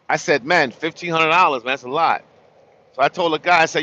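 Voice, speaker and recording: A man's voice: fairly high pitch, a little fast, pushed and bright, dull audio. A tired truck driver telling a long story in a casual vlog, rambling and repeating his words.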